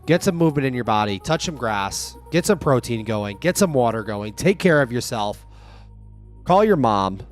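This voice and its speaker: A young man hosting a casual livestream, upbeat and playful, firing off quick sign-off patter to his viewers. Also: mid-range voice, lively intonation, faint music behind. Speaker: livestream host.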